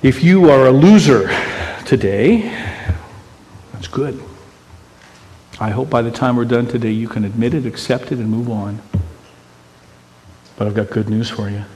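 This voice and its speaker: A man preaching a sermon as pastor, conversational and teasing, swinging between loud emphatic bursts and hushed quiet lines. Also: mid-range voice, unhurried, pauses often, in a large hall, soft background music. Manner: conversational and teasing, with rhetorical questions.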